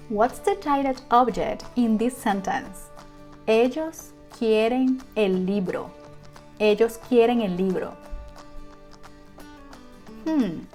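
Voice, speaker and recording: Woman teacher, slightly high voice, talks real slow and clear, faint music behind. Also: a little mellow. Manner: slow, careful model sentences with questions to the viewer. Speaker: Spanish teacher. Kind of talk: language lesson.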